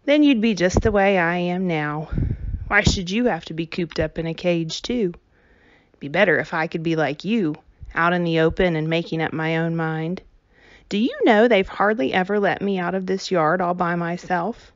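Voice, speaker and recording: A woman voicing a restless, headstrong young girl who speaks softly and wistfully. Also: on the low side, moderate pace, no room sound, highs cut off, natural voice. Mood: confiding.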